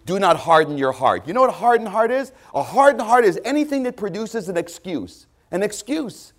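A male preacher delivering a sermon with a very lively, swinging delivery. His voice sits a touch high for a man and drops to near-whispers before climbing to emphatic, repeated calls. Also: normal speed. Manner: emphatic, swings from hushed to loud repetition.

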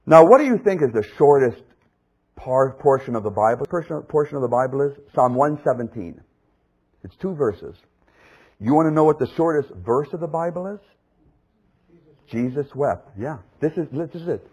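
A man preaching a sermon, swinging from loud exclamations to hushed, low passages. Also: lively intonation, normal speed, husky, poor audio.

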